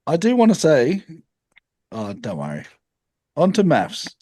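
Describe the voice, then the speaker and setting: Man, podcast co-host, lively swinging pitch, dry teasing. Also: unhurried. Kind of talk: casual chat.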